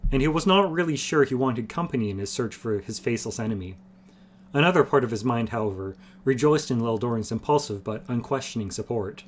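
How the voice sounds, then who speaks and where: A man's voice: mid-range voice, a little hiss or hum. Man steadily narrating a fantasy novel. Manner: steady, measured storytelling. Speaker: streamer reading a fantasy novel aloud. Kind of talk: audiobook-style narration.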